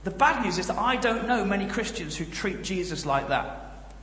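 A man with a Northern English accent preaching a comic sermon, telling jokey stories with lively asides. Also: sits high, normal speed, reverberant, in a large hall. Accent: generic Northern English. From Northern England. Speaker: guest preacher and comedian. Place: church.

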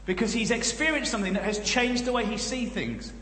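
A man with a Northern English accent preaching a comic sermon, telling jokey stories with lively asides. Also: high voice, normal speed, echoey room, in a large hall, a little hiss or hum. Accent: generic Northern English. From Northern England. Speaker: guest preacher and comedian. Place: church.

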